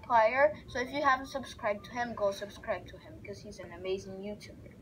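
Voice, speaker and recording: A young woman giving rambling, excitable let's play commentary as she narrates a game aloud. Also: medium pitch, brisk, a little hiss or hum, low-quality recording. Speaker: gamer.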